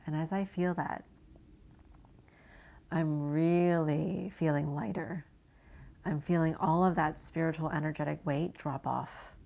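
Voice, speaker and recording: A woman from New England gently guiding an inner child visualization, speaking softly and slowly and often dropping to a hushed near-whisper. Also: sits low, steady tone, gravelly. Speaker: inner child and energy work guide.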